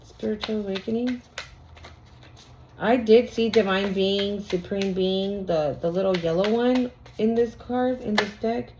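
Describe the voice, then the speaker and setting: A woman's voice: medium pitch, a little slow, noisy background. A woman doing a casual tarot reading, talking bluntly with slang and profanity. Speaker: tarot reader. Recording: lo-fi recording.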